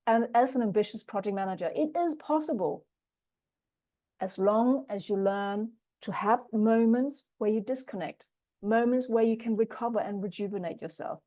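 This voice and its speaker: A woman's voice: mid-range voice, mellow. A woman project management coach giving a webinar talk, telling stories about clients she has coached. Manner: storytelling with quoted coaching dialogue.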